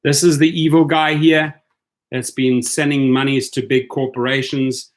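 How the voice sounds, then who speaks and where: A man's voice: medium pitch, flat delivery, measured pace. A man hosting a casual live stream for drivers, upbeat and chatty, greeting viewers by name.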